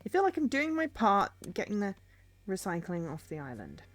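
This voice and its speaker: A woman's voice: medium pitch, wildly swooping pitch, normal speed. A young woman streaming a game, chatting playfully and giggling at her finds. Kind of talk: casual game stream commentary.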